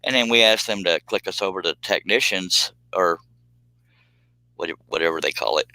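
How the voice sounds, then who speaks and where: A man's voice: deep voice, normal speed, pushed and bright, no room sound, rough recording. Man chatting on a live stream. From United States. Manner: rambling and joking, drifting into tangents. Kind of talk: casual live-stream chat with viewers. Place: home streaming space.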